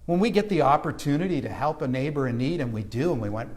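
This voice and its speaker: A man's voice: medium pitch, quick pace, hardly any pauses. A man from Canada preaching a sermon, telling a childhood story and acting out the voices of people in it. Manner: storytelling, animated with acted-out quotes. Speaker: pastor. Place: church sanctuary.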